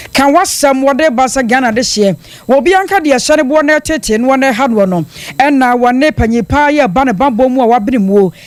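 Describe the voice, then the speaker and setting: A radio news reporter delivering a steady, narrative report. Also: high voice, no room sound.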